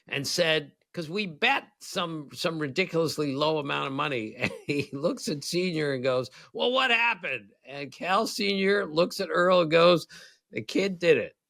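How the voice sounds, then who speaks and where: A man's voice: a little high, vocal fry, a bit bright, dry recording. A man in his sixties, a podcast co-host, telling rambling baseball stories in casual chat and often breaking into laughs. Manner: rambling anecdotes with frequent laughs. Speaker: co-host, former baseball writer.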